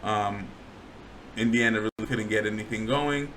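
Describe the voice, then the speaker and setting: A man giving a casual, slangy breakdown of game highlights, often getting worked up over bad plays. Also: normal speed, a bit bright, slight background noise, low-quality recording. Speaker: sports commentator.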